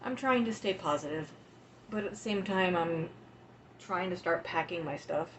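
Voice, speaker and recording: A woman in her forties livestreams from home, chatting casually with her viewers and growing emotional, close to tears, as she affectionately thanks them. Her voice is fairly low and at a normal speed, on poor audio with slight background noise.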